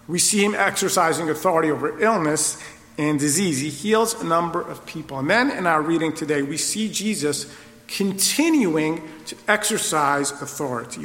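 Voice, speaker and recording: A man's voice: a little high, bright, forceful tone, roomy sound, big-room sound. A man preaching an expository sermon, asking the listeners rhetorical questions. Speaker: pastor.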